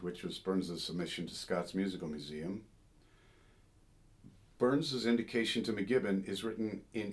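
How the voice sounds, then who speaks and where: A folk singer and song scholar with a very low voice gives an informal spoken commentary on an old song's history. He is relaxed, thoughtful and digressive, musing aloud and lingering on details. Now and then he sings a short phrase to illustrate his point.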